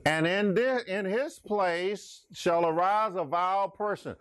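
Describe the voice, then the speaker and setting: A man's voice: high-pitched, a little slow, a bit bright, a little hiss or hum. A middle-aged man teaching a Bible class in a folksy sermon style, asking the class questions. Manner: folksy, laughs often, asks the class questions.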